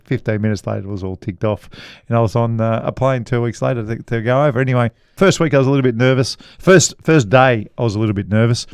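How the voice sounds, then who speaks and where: A man's voice: mid-range voice, clear, resonant tone, no echo, studio quality. Rambling Australian man spinning golf yarns. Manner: rambling anecdotal storyteller, chuckles often. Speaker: podcast co-host, golf commentator. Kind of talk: casual storytelling chat.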